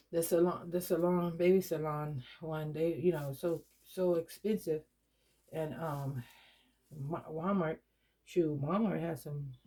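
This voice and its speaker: Middle-aged lady vlogging about her dolls, low-ish mellow voice, keeps restarting her sentences. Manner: rambling, many restarts and fillers, animated retelling. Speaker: doll collector vlogger. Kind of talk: casual chat to camera.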